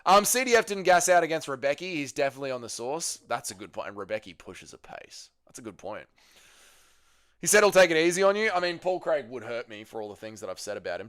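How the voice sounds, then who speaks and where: A man hosts a casual livestream, reading viewer messages aloud and firing back crude jokes. His voice sits at an ordinary middle pitch, and faint music plays under his talk. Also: animated, a little fast, a bit bright, clear, resonant tone. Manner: crude, joking banter with chat. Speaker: livestream host.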